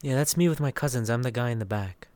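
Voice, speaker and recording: A man's voice: medium pitch, quick pace, a little mellow, no room sound. A young man from Texas hosting a casual voice chat, reading out and answering listener messages. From Dallas, Texas. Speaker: voice chat host.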